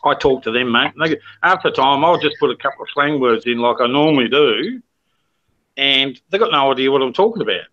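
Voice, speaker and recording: Bright-voiced Australian man in his sixties. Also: medium pitch, animated, brisk, lo-fi sound. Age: 60s. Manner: blunt, swears freely, says mate a lot. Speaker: guest on a live stream. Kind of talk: casual chat.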